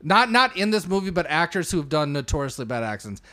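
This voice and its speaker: A man talking movies with friends in a casual podcast. His voice sits high and swings widely in pitch. He jokes, swears and pushes his points with playful energy. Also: quick pace. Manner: animated, profane, jokey. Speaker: podcast co-host.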